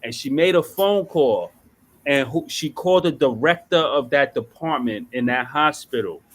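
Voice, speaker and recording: A man's voice: mid-range voice, animated, moderate pace. A man shares his personal recovery testimony. He speaks earnestly and with emotion, in a loose, conversational storyteller's way.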